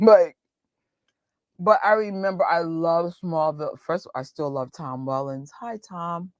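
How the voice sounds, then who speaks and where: A woman's voice: mid-range voice, moderate pace, dry recording, studio quality. A woman with a New York accent, chatting casually and laughing with viewers as host of a movie watch party. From New York, USA. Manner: chatty, laughing, quotes voices. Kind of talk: casual chat with live viewers.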